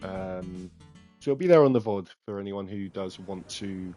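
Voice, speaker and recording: Man, self-mocking streamer, lower voice, faint music behind. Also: normal speed, mellow. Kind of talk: casual gameplay commentary.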